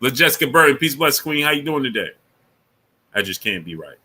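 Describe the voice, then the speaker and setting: Bright-toned man hosting a slangy sports livestream. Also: mid-range voice, sing-song, a little fast, breathy edge. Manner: loose, slangy, reads out super chats between takes. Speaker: sports talk livestream host. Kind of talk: casual livestream chat.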